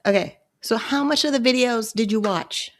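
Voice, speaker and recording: A woman's voice: on the high side, normal speed. A woman hosting a casual livestream, a bit out of breath, chatty and asking direct questions. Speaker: livestream host.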